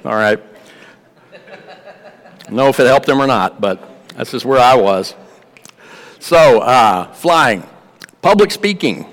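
A man preaching a sermon in a relaxed, conversational manner, with a mid-range voice. He repeats phrases and throws questions out to the congregation. His voice carries a long reverb from a large hall. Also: medium pitch, unhurried, long pauses. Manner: conversational, repeats words, asks the crowd. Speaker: pastor.

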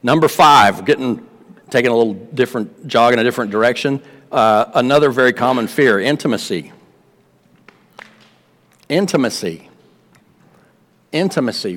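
A man preaching a sermon in a relaxed, conversational manner, with a mid-range voice. He repeats phrases and throws questions out to the congregation. His voice carries a long reverb from a large hall. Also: medium pitch, moderate pace, pauses often. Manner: conversational, repeats words, asks the crowd. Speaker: pastor.

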